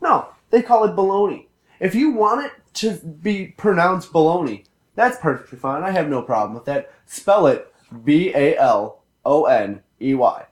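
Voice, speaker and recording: A man ranting in casual chat with friends, profane and animated. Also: on the high side, moderate pace, roomy sound.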